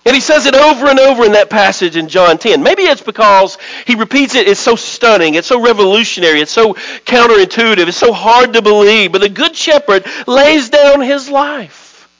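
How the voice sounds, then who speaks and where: A man with a notably high voice preaches a sermon. He hammers his points with rhythmic repetition and slows down for dramatic pauses as he reads scripture. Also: expressive, a bit bright, low-quality recording. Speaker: pastor.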